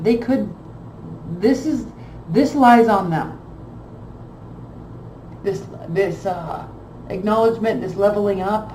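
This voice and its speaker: A woman's voice: medium pitch, dark tone, roomy sound, slight background noise, low-quality recording. A woman reading tarot cards in a blunt, emphatic way, repeating phrases for stress. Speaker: tarot reader.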